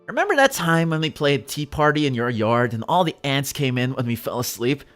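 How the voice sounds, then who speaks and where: A teasing young dungeon master from a romance game, voiced by a man. He talks to an old friend in a relaxed, playful way. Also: mid-range voice, brisk, soft background music, close to an everyday voice. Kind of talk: reading a game's dialogue aloud.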